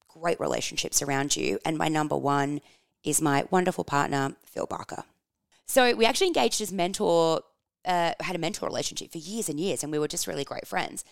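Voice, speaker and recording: A woman, telling personal stories in a frank, animated way, swearing casually and laughing as she talks. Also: low voice, vocal fry, no room sound, studio quality. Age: 30s. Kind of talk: personal storytelling, candid and confessional.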